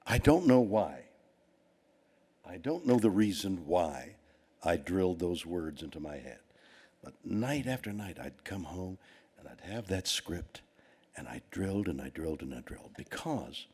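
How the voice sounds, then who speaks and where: A man's voice: deep voice, mellow, slightly rough. An older Canadian man telling a rambling anecdote to an audience, with many restarts and quoted voices. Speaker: award recipient giving a speech.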